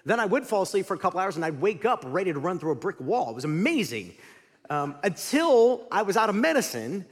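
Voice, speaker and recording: Here a middle-aged pastor delivers his sermon in a high, slightly rough voice, with sound lingering in a long reverb tail. He addresses the congregation casually, asks them questions, and swings from lively preaching to sudden hushes.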